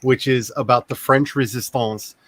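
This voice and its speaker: A man, an author hosting a writing stream, chats casually and gushes, laughing often in an animated way. His voice is medium-pitched at a moderate pace, with no room sound.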